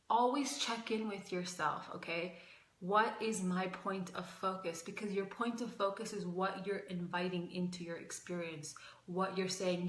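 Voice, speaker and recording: A woman's voice: mid-range voice, moderate pace, roomy sound. A young adult woman teaching as a life coach in a casual livestream, talking emphatically and repeating phrases, a bit out of breath.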